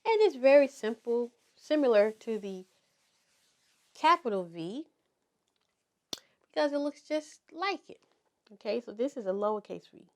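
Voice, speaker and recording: A woman teaching toddlers to write letters in a slow, encouraging preschool circle-time manner. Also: a little high, sing-song. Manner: slow, sing-song and encouraging, speaking to toddlers. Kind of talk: children's circle-time lesson.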